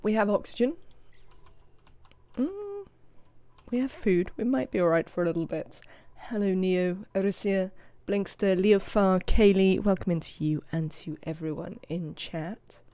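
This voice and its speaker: English streamer, chatty, live game play, greets chat, mid pitch. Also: moderate pace, few pauses, dark tone, no echo. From England. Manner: chatty, greets viewers and scolds game characters. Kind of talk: live video game commentary.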